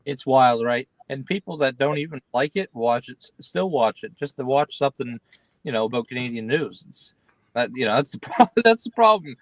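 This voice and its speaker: A man's voice: mid-range voice, animated, normal speed, no echo, low-quality recording. A man with a mid-range voice calls in as a podcast guest. The sound is dry and close, and he talks casually in a loose, rambling way, agreeing with the host. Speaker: call-in guest. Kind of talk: casual chat.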